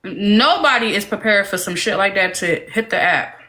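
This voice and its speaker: A woman's voice: mid-range voice, animated, normal speed, sharp tone. Earnest woman hosting a live stream. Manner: reasoned, earnest, asks rhetorical questions. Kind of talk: casual live-stream commentary.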